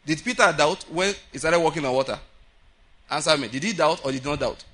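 A man preaching a sermon at a prayer meeting, animated, often laughing and acting out the voices he quotes. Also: fairly high pitch, a little fast.

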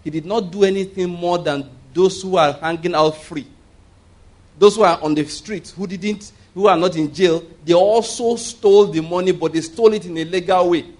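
A man's voice: high-pitched, normal speed, a little mellow. A man preaching a sermon, often checking whether the congregation is following him and leading them in repeating his words. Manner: asks the congregation if they hear him, leads call-and-response with laughs. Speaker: pastor.

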